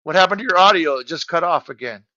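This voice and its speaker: Brief: older Hawaii man, bright tone, slightly dull audio. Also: on the high side, lively intonation, fast, no room sound. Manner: laughing, agreeable. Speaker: livestream co-host. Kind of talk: casual chat.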